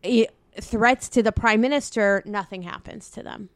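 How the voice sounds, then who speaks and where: A Canadian woman co-hosting a podcast, speaking in an impassioned, unpolished way, often restarting her sentences. Her voice is smooth and clear, and the sound is close and dry. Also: mid-range voice, moderate pace, no room sound. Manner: impassioned, many restarts and swearing. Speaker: podcast co-host. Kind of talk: casual political chat.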